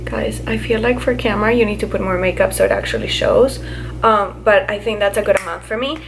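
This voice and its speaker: A young woman talks through her makeup routine in a relaxed, chatty way, full of little fillers as she explains each step. Her voice sits at an ordinary middle pitch for a woman. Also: fairly quick, creaky, noisy background. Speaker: beauty vlogger. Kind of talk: casual makeup tutorial.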